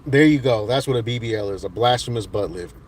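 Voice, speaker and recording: A US man in his thirties hosts a livestream, reading chat in a loose, meandering manner full of restarts. His mid-range voice goes at a quick pace, and there's a slight hiss or hum.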